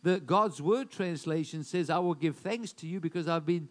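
High-voiced preaching man, emphatic. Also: normal speed. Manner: emphatic declarations, rising loud on affirmations. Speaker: pastor. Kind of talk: sermon.

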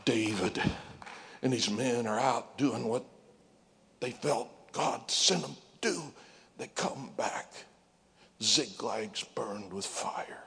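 Male preacher, slow and gravelly, dramatic sermon delivery with hushed whispers. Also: medium pitch. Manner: dramatic, drops to whispers and sings out scripture.

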